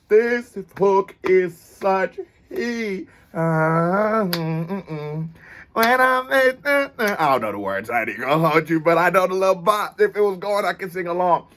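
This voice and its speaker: A man riffing through a casual reaction video with a voice a little higher than most. His pitch swings a lot, and he keeps joking and teasing as he goes. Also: moderate pace, few pauses. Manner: animated, joking, playful. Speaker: host reacting to a music video.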